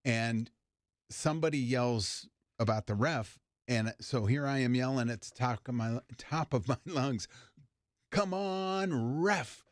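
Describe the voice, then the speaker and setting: An easygoing male co-host telling a story at an even pace. His voice sits in the middle of the range and sounds dry and close, with no room echo. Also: medium pitch, unhurried. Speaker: radio show co-host. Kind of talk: casual studio chat.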